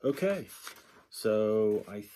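Male instructor, low mellow voice, unhurried, thinks aloud through textbook examples. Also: animated, a little hiss or hum. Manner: slow, thinking aloud, repeats example glosses. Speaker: sign language instructor. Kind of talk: lecture walking through a textbook.

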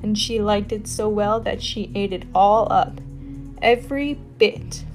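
A woman telling a fairytale as a guest storyteller, reading expressively with lively emphasis. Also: medium pitch, a little slow. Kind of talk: storybook narration. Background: background music.

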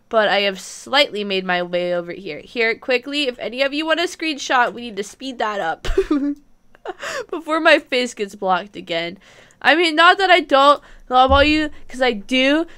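A woman's voice: a little high, a bit bright, clear, resonant tone. A young woman chatting casually on a gaming live stream, giggling often and reading out viewer comments. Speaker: gaming livestreamer.

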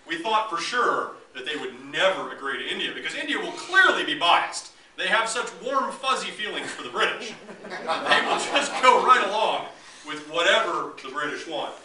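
A man's voice: sits high, big pitch swings, fairly quick, sharp tone. A man giving a public history lecture, joking and acting out the voices of both sides. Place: lecture hall. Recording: echoey hall, mic from a distance, faint room noise.

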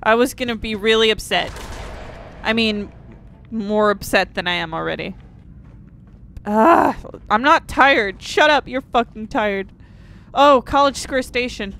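A young woman giving gameplay commentary at a desk microphone, swearing constantly and breaking into angry shouted outbursts. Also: a little high, lively intonation, unhurried, pauses often. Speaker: let's play host.

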